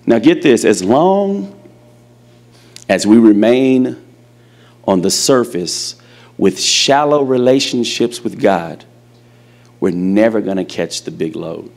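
A man preaching a sermon, emphatic and animated, calling out questions to his congregation. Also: on the low side, slow, gravelly, long pauses. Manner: animated storytelling.

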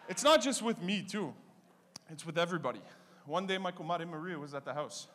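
A man, doing a stand-up comedy set with punchy, animated storytelling. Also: a little high, a little fast, slight background noise. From Canada (Ontario).

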